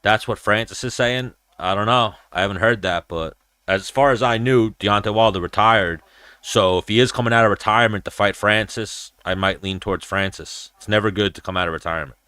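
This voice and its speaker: A man's voice: on the low side, a little fast, sharp tone, clear, resonant tone, dry recording. A young man hosting a casual livestream, talking in a rambling, profane way and telling stories. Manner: profane, rambling storyteller who slips into impressions. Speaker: show host.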